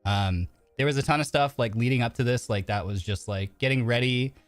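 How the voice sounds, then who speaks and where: Speaking fairly quickly in a mid-range voice with no echo, this virtual streamer chats casually on a live stream. He's nervous, earnest and openly emotional, rambling with lots of fillers while faint music plays behind him.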